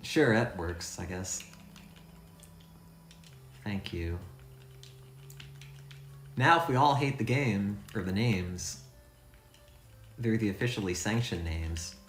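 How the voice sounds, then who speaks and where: A man streams a game, rambling and thinking aloud in casual let's-play commentary with a self-deprecating, offhand manner. His voice is on the low side, slow and full of pauses, with faint music behind it and echoey room sound.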